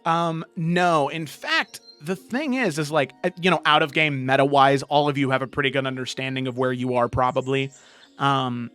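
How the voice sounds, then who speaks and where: Bright-voiced woman running a game. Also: extremely low pitch, moderate pace, soft background music. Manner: relaxed, lots of ums and likes. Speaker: game master. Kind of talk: narrating a tabletop game.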